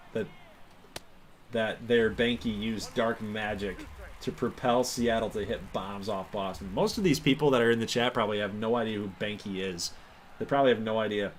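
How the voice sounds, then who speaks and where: A young man hosting a live stream, commentating a baseball video game with playful trash talk and sudden loud outbursts. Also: fairly low pitch, slight background noise. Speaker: gaming streamer and league host.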